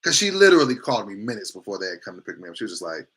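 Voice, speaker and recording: Bright-voiced man telling a profane story. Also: on the low side, racing. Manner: animated, profane, acts out quoted lines. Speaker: morning show host. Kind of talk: casual storytelling.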